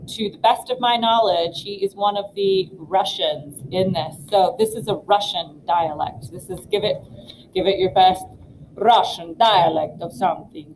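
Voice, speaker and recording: A woman's voice: mid-range voice, unhurried, a little mellow, slight background noise, poor audio. A woman drama teacher talking students through audition pieces in a casual, rambling way, with many fillers and restarts.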